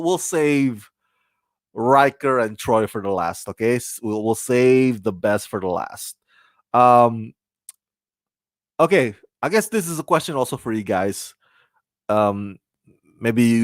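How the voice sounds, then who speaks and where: A man's voice: medium pitch, no room sound. A man hosting his own channel, reviewing a TV episode in a casual, rambling way, full of restarts. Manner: rambling and animated, with many restarts and bursts of laughter.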